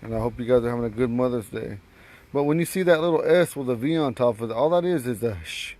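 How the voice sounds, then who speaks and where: A man's voice: medium pitch, fast, mellow, rough recording. A man teaching a language in a casual, rambling livestream lesson, often repeating and correcting himself.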